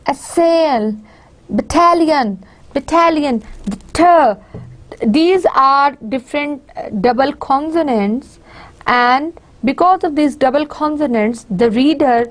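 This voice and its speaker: A woman with a Pakistani English accent gives a recorded university lecture. Her voice sits a little high. She explains step by step, often pausing on fillers and restarting her sentences. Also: a little mellow. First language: Urdu.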